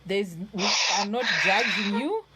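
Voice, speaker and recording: A woman's voice: mid-range voice, lively intonation, a little slow, over a noisy crowd. A woman hosting a live call-in stream, reassuring a caller and repeating her phrases for comfort. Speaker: host.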